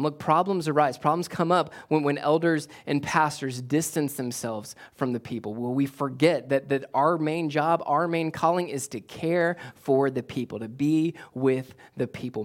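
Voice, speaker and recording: A man preaching a sermon as a pastor. He repeats key phrases for emphasis, restarts his sentences, and grows louder and higher when he presses a point.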